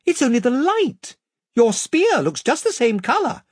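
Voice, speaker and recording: Lucy, a reader voicing a gentle earnest girl. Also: high-pitched, sing-song, unhurried, slightly rough, no room sound, clean studio sound, voice pushed up, heavily acted. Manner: soft and earnest. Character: gentle, perceptive young girl in a storybook.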